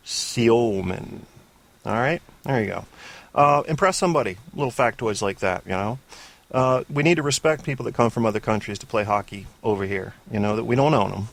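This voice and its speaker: A man hosting a casual call-in sports talk show, opinionated and rambling off on tangents, with frequent swearing. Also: lowish voice. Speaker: sports podcast host.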